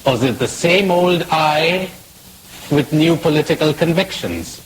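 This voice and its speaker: A man's voice: on the high side, expressive, unhurried, a little hiss or hum, rough recording. A man giving a spiritual talk in a playful, questioning way, mixing jokes with reflection. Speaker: spiritual speaker.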